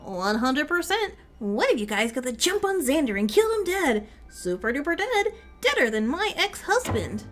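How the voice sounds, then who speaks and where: A woman's voice: high voice, very animated, normal speed, few pauses, faint music behind. A woman voicing a smug, gleefully callous mascot host of a deadly game, taunting the players.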